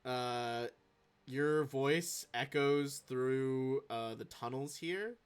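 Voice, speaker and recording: A man's voice: mid-range voice, extremely slow, clean tone. A man narrating a tabletop game as game master, with a casual, rambling delivery.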